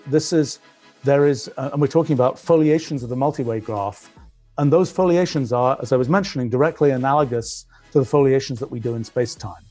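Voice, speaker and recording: A man's voice: medium pitch, a little mellow. A man with a British accent giving a technical physics lecture, thinking aloud with frequent restarts as he explains.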